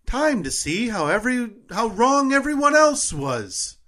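A man's voice: extremely high pitch, very animated, a little slow, a bit bright, pitched above the performer's own voice, heavily acted. A man putting on a British woman announcer's voice, stretching out each word. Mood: mock-posh.

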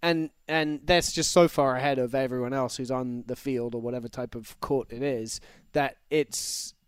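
Man, English accent, smooth clear voice, dry close mic, casual banter. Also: medium pitch, fairly even intonation, normal speed, dry recording. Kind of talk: casual chat.

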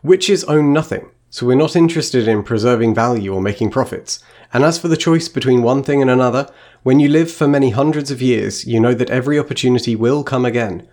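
A man's voice: medium pitch, a little fast, few pauses, a little mellow, lightly acted. A man reading a centuries-old witch queen's lines aloud from a novel. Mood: calm, explaining. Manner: plain reading, no put-on accent. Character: ancient calm female witch queen.

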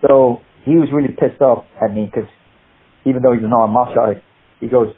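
Husky man telling stories down a phone line. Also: mid-range voice, fast. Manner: animated storyteller, rambling. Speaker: guest, martial arts actor. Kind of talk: anecdotal interview chat.

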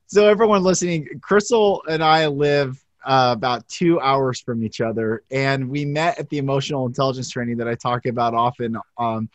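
A man from Washington State hosting a podcast interview, upbeat and animated, laughing often. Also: mid-range voice, normal speed, hardly any pauses, dry recording. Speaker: podcast host.

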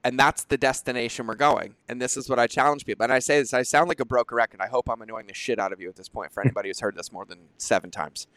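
A man hosting a podcast in casual conversation, energetic and animated, swearing freely and acting out quoted exchanges. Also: medium pitch, racing, hardly any pauses, no echo. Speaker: podcast host.

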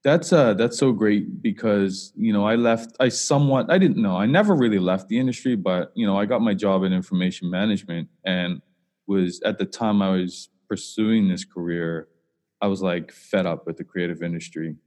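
A man hosting a podcast, reflective and halting, with many fillers. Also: deep voice, a little mellow. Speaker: podcast host. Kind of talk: casual podcast interview. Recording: long hall reverb.

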